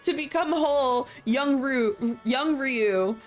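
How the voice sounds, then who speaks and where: A woman voicing an ancient dragon, reading its archaic lines slowly and formally. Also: high voice, faint music behind. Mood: solemn. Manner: slow, measured, formal old-fashioned phrasing. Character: ancient solemn dragon speaking archaic English.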